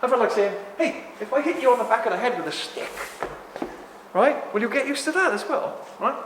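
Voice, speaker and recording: A man in his sixties talking to a live audience in a rambling, animated way, often apologizing for ranting. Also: extremely high pitch, fairly quick, noisy background. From England. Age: 60s. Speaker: speaker at a talk. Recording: echoey hall with long reverb.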